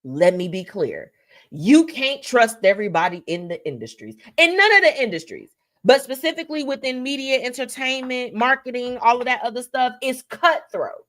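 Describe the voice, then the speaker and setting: A woman's voice: fairly high pitch, very animated, moderate pace, fairly bright tone. A woman hosting her weekly live talk show, chatty and effusive as she gives heartfelt thanks to her guests and viewers. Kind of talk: casual livestream talk show sign-off.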